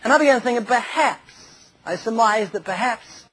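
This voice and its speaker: A man's voice: extremely high pitch, lively intonation, moderate pace, a bit bright, rough recording. A man preaching a humorous sermon, telling stories and acting out the quoted voices of others. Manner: jokey, storytelling, acts out quoted voices.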